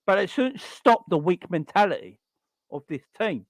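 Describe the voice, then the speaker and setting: A man's voice: high-pitched, very animated, normal speed, no echo. A man hosting a football fan channel, ranting in frustration and firing off repeated rhetorical questions. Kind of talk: fan reaction rant.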